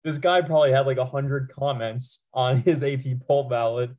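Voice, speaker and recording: A man's voice: medium pitch, steady tone, moderate pace, highs cut off. A man co-hosting a sports podcast, chatting casually, rambling and laughing often. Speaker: podcast co-host.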